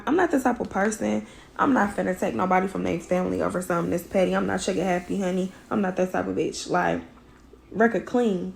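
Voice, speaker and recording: A hoarse mother, her voice worn out, recounting a fight in a blunt, emphatic, profane way. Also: mid-range voice, a little mellow. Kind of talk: casual storytelling.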